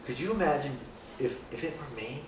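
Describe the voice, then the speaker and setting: A man's voice: medium pitch, animated, fairly quick. Man, casual Bible talk to a group, rhetorical questions, joking asides, distant mic, echoey room, faint hiss. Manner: conversational, asks rhetorical questions, often adds "right?"; jokey, acts out people's reactions. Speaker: speaker leading a group.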